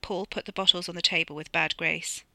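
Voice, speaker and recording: A woman reading her own novella aloud in a measured, even way. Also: fairly low pitch, gravelly, no echo. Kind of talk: audiobook narration.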